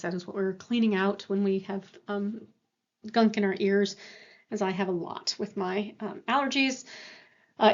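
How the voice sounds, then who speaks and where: Woman lecturing, slightly muffled recording. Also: mid-range voice. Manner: explanatory, with frequent fillers and self-corrections. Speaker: university lecturer.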